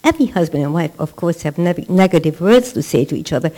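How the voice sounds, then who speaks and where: Woman rebbetzin giving a class, warm mellow voice, emphatic, repeats herself for stress. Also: deep voice, expressive, fast, hardly any pauses, rough recording. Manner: emphatic, repeats words for stress, acts out quotes. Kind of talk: religious lecture.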